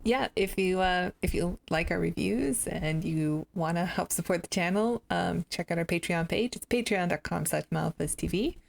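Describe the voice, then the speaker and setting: A woman's voice: lowish voice, normal speed, vocal fry, hardly any pauses, slight background noise. A woman from the United States, co-hosting a casual TV review chat, hesitant and wry, with many fillers. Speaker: co-host of a TV review show.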